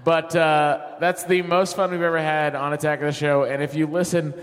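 Man, live podcast guest, animated anecdotes, raised pitch, long reverb. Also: moderate pace.

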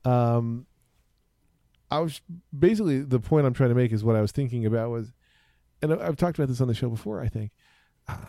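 A man's voice: mid-range voice, a little fast, creaky, long pauses, warm tone, no room sound, clean studio sound. A man co-hosting a podcast, chatting casually and rambling with restarts and jokes. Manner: rambling, self-interrupting, jokey. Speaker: podcast co-host. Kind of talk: casual tech chat.

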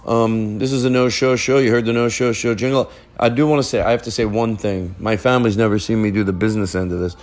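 A man's voice: fairly low pitch, fairly even intonation, quick pace, few pauses, a little mellow, soft background music. A man hosting a podcast from a family living room, telling a rambling, joking story in casual chat. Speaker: podcast host.

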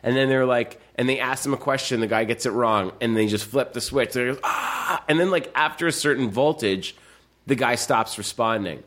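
Animated man telling stories. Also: medium pitch, brisk. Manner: animated storytelling with acted-out quotes. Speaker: podcast guest. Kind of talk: casual chat.

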